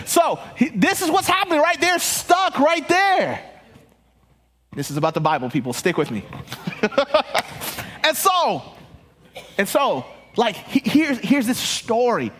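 A man preaching a sermon in an animated way, with laughing asides and frequent restarts. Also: extremely high pitch. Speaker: pastor.

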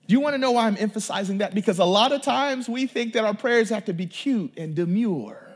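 High-voiced man preaching with emphasis. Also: animated, a little fast, few pauses, husky. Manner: conversational and emphatic, with frequent repeated words; addresses the congregation directly. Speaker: pastor. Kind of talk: sermon.

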